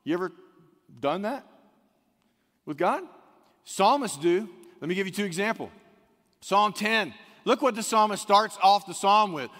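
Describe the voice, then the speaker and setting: A man preaching a conversational sermon in a slightly higher register. He drops to quiet, low asides, then rises suddenly to loud, emphatic questions. A long hall reverb trails behind his voice. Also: lively intonation, normal speed. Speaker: pastor.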